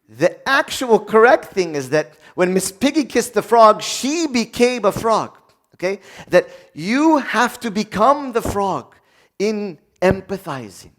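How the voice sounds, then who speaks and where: A middle-aged man preaching a conversational sermon, acting out quoted voices along the way. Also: sits high.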